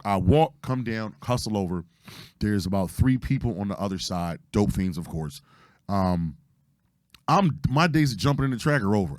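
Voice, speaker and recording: A hoarse man, telling a story casually as podcast host, animated and profane, acting out what people said. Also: on the low side, no room sound, clean studio sound. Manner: animated, profane retelling with acted-out quotes.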